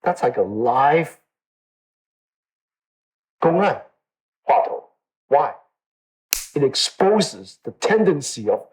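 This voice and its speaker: A man's voice: mid-range voice, big pitch swings, slow, long pauses, a little mellow, breathy edge, low-quality recording. A man teaching a meditation class in a conversational way, often checking in with his listeners and repeating phrases for emphasis. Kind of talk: dharma talk to a class.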